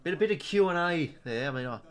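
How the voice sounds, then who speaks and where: A man's voice: a little high, expressive, quick pace. A man around twenty with an Australian accent, hosting a casual live watch-along stream, chatting loosely and reading out viewer comments. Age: 20s. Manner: chatty, reads viewer comments, says "mate" often. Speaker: livestream host.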